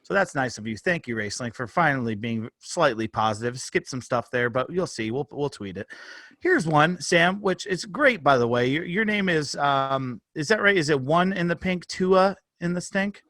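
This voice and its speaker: A man's voice: fairly high pitch, animated, moderate pace, fairly bright tone, no echo, studio quality. A man co-hosting a casual sports podcast, rambling and joking, swearing freely. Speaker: podcast co-host. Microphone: phone held up, on video.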